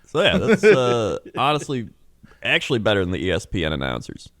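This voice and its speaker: A man's voice: lowish voice, a little fast, no echo, studio quality. A young man co-hosting a podcast, telling stories in casual chat, laughing often and acting out quotes. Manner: animated storytelling, laughing often, acts out quotes. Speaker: podcast co-host.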